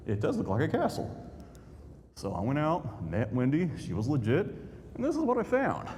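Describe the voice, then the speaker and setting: A man's voice: on the high side, wildly swooping pitch, moderate pace, darkish tone. A man, a YouTuber giving a folksy storytelling talk to an audience. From Indiana, USA. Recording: long hall reverb, faint noise.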